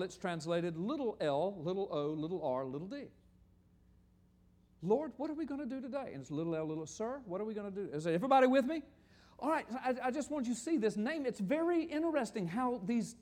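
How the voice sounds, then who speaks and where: An older man preaching a sermon, animated and joking, often asking the audience questions. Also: high-pitched. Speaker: pastor. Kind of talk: sermon teaching with slides.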